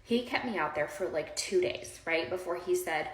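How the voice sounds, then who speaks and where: A woman's voice: lowish voice, expressive, moderate pace, a little hiss or hum. A woman casually telling a personal story to her viewers, rambling and heartfelt, with lots of fillers and direct asides to the audience. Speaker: storyteller recounting her own past. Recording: roomy echo.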